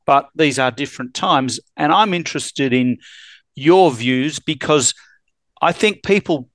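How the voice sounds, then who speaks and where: A man with an Australian accent hosting a podcast interview, friendly and joking, quick to chime in. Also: fairly high pitch, fairly bright tone, no echo. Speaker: podcast host. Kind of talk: casual interview chat.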